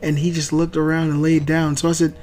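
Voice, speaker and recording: A man hosting a channel, telling a family story casually and acting out the quoted lines loudly. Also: on the high side, monotone, fairly quick, a little hiss or hum. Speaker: channel host and father.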